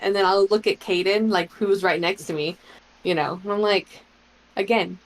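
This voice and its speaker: A woman's voice: medium pitch, steady tone, normal speed, rough recording. A woman playing a tabletop game, rambling with many fillers as she describes her moves. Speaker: player. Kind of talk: casual tabletop play.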